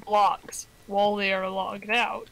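A young woman chatting while playing a game with friends, giggly and quick to call herself dumb. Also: medium pitch, flat delivery, fairly bright tone, rough recording. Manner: giggly and self-deprecating. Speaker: fellow player. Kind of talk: casual chat while gaming.

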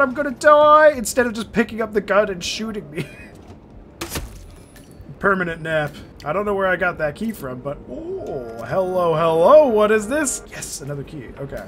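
Excitable high-voiced man, gaming commentary. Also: a little hiss or hum. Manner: excitable, swears and laughs often, jokey asides. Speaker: gameplay streamer. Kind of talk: casual let's-play commentary. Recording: faint game music behind.

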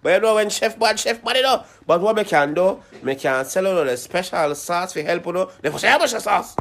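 Man plays boastful Jamaican Rasta chef, laid-back patois, slightly raised pitch. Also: animated, moderate pace, fairly bright tone. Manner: laid-back patois, full of "you know". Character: boastful male Rasta chef, restaurant owner.

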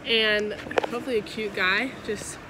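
A young woman vlogging while out on city streets, talking in a bubbly, gushing way with drawn-out exclamations. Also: mid-range voice, fairly even intonation. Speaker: travel vlogger. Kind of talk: casual vlog chat. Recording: noisy outdoor street recording.

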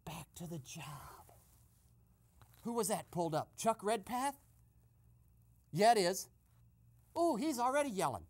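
Someone doing a nosy, excitable eavesdropping man. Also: medium pitch, unhurried, long pauses. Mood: gossipy. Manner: gossipy, breathless running commentary with frequent shushing. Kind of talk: comic radio sketch.

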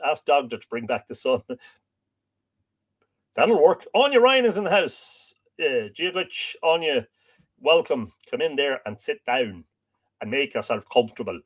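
An Irish man hosting a casual livestream, greeting viewers by name and making jokes as he reads out their comments. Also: medium pitch. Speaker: livestream host.

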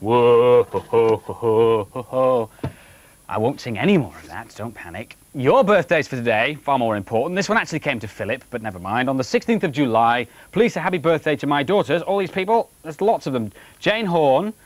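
A chatty male radio presenter with a lively, fairly high voice reads out birthday greetings. He cracks little jokes between the names, and the sound is close and dry. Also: quick pace, dry recording.

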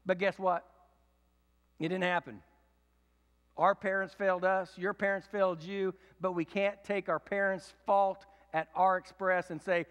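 A man's voice: level tone, measured pace, clean tone. Preaching man in his fifties, reverberant hall. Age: 50s. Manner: swings from loud emphatic preaching to low confiding tones. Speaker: pastor. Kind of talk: sermon. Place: church sanctuary.

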